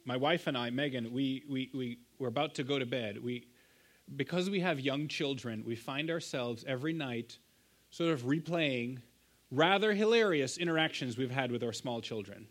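A pastor in his thirties preaching a sermon, telling family stories with lively rhetorical asides. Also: medium pitch, moderate pace. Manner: animated storytelling, rhetorical "right?" asides.

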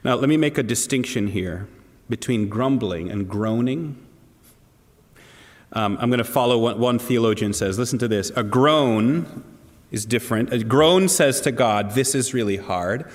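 A man's voice: medium pitch, unhurried, long reverb tail. A man preaching a sermon to a congregation, earnest and asking them direct questions. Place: church hall.

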